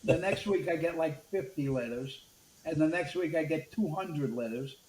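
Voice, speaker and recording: A man's voice: fairly high pitch, normal speed. An older man, a media executive telling anecdotes in an interview and acting out the dialogue. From Brooklyn, USA. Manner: animated storyteller acting out dialogue. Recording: roomy echo with faint background noise.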